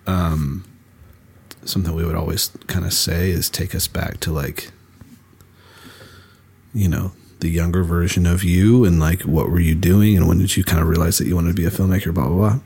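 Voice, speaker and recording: A man co-hosting a podcast in relaxed chat, rambling with lots of fillers and restarts. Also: sits low, moderate pace, vocal fry, slightly rough. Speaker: podcast co-host. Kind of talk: casual chat.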